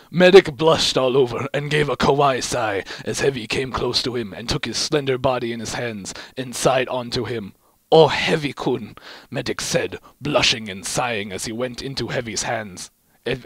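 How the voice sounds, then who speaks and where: The recording is dry, and the man's mid-range voice sounds a bit bright. Hosting his channel, he reads a fan fiction story aloud casually and wryly, occasionally stumbling on words.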